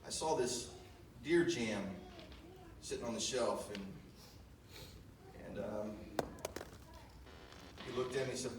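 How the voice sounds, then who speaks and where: A man tells a folksy, rambling story at a memorial service, his voice sitting at an ordinary middle pitch. He is picked up from far off in an echoey room, and steady noise runs behind him. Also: takes it slowly, long pauses. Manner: folksy, rambling, with many fillers. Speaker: son giving a memorial eulogy. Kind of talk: storytelling eulogy.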